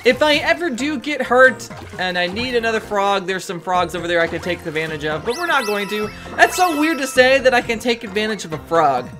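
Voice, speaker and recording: A woman's voice: medium pitch, expressive, brisk, music in the background. A woman hosting a let's play, giving chatty, rambling and self-mocking commentary over gameplay.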